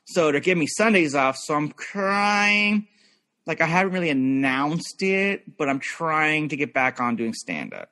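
Young male podcast guest, rambling and loose, voice on the higher side. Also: big pitch swings, measured pace, sharp tone. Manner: rambling, filler-heavy, restarts often. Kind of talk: casual chat.

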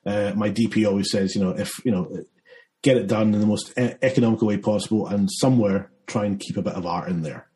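A man, a filmmaker talking through his film in a relaxed interview, rambling with many fillers and restarts. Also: fairly low pitch, quick pace, low-quality recording. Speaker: filmmaker guest. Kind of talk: casual interview chat.

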